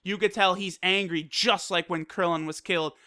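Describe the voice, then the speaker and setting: A video reviewer excitedly recapping an anime episode, swearing freely and filling with "like" and "you know". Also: medium pitch, normal speed, no room sound, studio quality. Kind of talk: casual recap and commentary.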